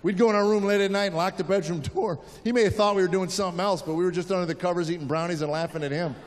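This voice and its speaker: A man in his fifties performing a stand-up comedy routine, telling animated stories and acting out the people in them. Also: sits high, very fast, a crowd in the background. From United States. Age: 50s. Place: stage in a large venue. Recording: live show in a big hall, audience and room noise behind. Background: audience laughing and applauding.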